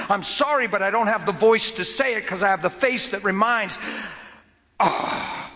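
A man preaching a sermon and telling a personal story, swinging from loud outbursts to near whispers. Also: high-pitched, husky, long reverb tail.

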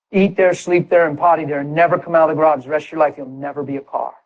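A man preaching his own conversion testimony in a sermon, moving from hushed, earnest talk to excited shouts. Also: on the high side, creaky, low-quality recording.

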